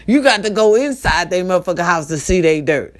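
A woman hosting a casual talk show, telling a story to her listeners in a lively, profane, chatty way. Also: lowish voice, a little fast. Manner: animated, profane, addresses listeners directly.

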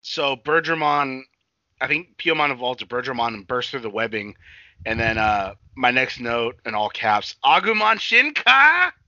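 A young man co-hosting a casual podcast, recapping a cartoon with constant swearing and sudden loud shouted quotes. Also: medium pitch, steady tone, moderate pace, no echo. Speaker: podcast co-host. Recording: dull, slightly lo-fi dry sound.

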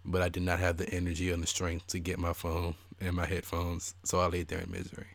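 Deep and gravelly, the young man's voice moves briskly, with no room sound. Co-hosting a podcast in a relaxed chat, he's an animated storyteller who acts out what people said.

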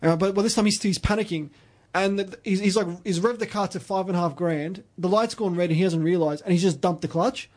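A man's voice: high voice, fairly quick, darkish tone. An Australian man hosting a podcast, telling long rambling stories in casual chat with lots of restarts. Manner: rambling storyteller with many restarts. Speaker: podcast host.

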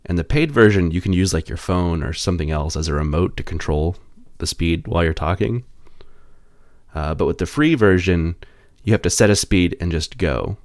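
A man's voice: low-pitched, moderate pace, no echo, studio quality. A man co-hosting a podcast, explaining things in easygoing casual chat. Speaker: podcast co-host.

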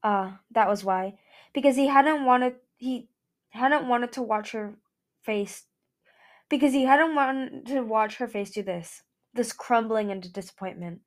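A woman reading a novel aloud in a plain, steady way with small slips. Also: on the high side, a little slow. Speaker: fan audiobook reader.

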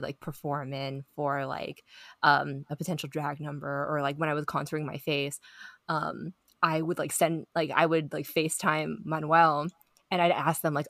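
Young woman, podcast co-host, low pitch, dry mic, thoughtful rambling. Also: fairly bright tone, no room sound. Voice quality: reflective, filler-heavy talk with many "like"s. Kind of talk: casual group chat.

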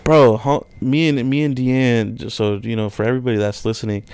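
A man's voice: medium pitch, fairly quick, smooth, no echo. A young man, telling a story in a casual podcast chat and acting out the quotes. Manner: animated storyteller, acts out quotes loudly. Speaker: podcast co-host.

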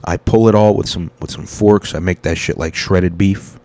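Man, very low voice, casual podcast monologue, rambling, profane, quoting people. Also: fairly even intonation, normal speed, mellow. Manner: rambling, profane, quotes people in his stories. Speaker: podcast host and stand-up comic.

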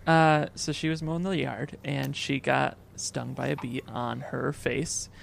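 A man's voice: mid-range voice, level tone, a little slow, creaky, slight background noise. A man co-hosting a podcast, rambling through crude joking stories in casual banter. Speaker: podcast co-host.

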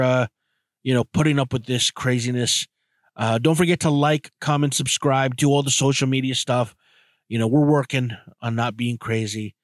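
A man's voice: medium pitch, no room sound. A man hosting a podcast alone, talking casually and rambling, often stumbling and repeating words as he goes. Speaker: podcast host. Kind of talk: casual solo monologue.

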